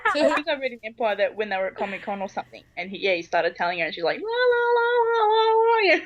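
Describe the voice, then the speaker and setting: A woman's voice: mid-range voice, animated, racing, dry recording, dull audio. A woman with an Australian accent, chatting playfully as a podcast co-host. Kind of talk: casual chat.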